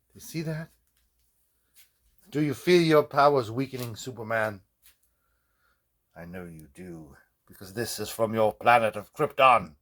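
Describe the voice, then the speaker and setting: A man doing a gloating low supervillain. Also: fairly bright tone. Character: gloating male supervillain taunting a hero.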